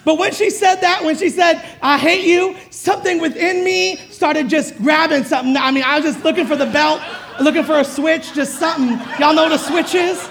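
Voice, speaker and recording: Gravelly high-voiced woman preaching. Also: steady tone, fairly quick, a faint crowd. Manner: conversational, chuckling, engaging the congregation. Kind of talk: sermon.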